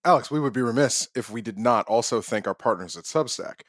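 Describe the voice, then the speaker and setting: A man co-hosting a college football podcast in a relaxed, wry manner, jumping in with quick quips. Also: mid-range voice, no room sound, studio quality. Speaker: podcast co-host. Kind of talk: casual sports podcast talk.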